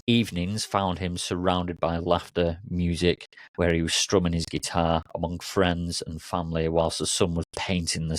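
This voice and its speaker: A man coach telling a story in a relaxed, loose way with occasional fillers. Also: low voice, no echo. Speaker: coach and podcast host. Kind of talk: casual storytelling.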